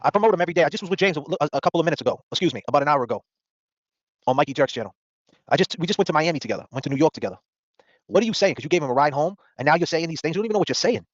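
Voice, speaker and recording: A man in his forties hosting a podcast, ranting with confrontational, mocking rapid-fire questions. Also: fairly high pitch, animated, no echo. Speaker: host. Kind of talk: heated podcast rant. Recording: dull dry lo-fi audio.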